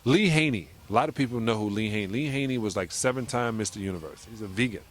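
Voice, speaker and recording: A middle-aged man giving a casual interview at an event, chatty and quick to laugh, telling stories with quoted voices. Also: fairly low pitch. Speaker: interview guest.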